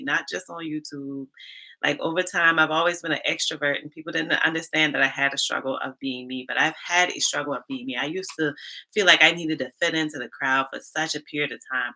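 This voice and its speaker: A woman's voice: low voice, bright, forceful tone. A woman from Charleston with a Gullah Geechee accent, hosting a casual livestream and chatting straight to her viewers. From Charleston, South Carolina. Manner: chatty, talks straight to the chat. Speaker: HR livestream host.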